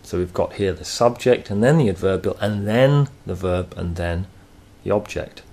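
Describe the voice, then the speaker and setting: A man teaching a grammar lesson, explaining slowly and patiently with thoughtful pauses. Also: sits low, vocal fry, a little mellow.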